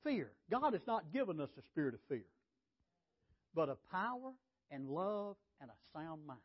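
A man's voice: on the high side, sing-song, moderate pace. A man preaching a sermon, folksy and conversational, often repeating his words. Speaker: pastor. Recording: dull lo-fi sound.

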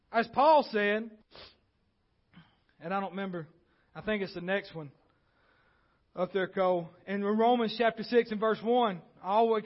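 A man preaching a sermon, repeating key phrases and swinging between loud points and quiet asides. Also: high voice, muffled recording. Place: church.

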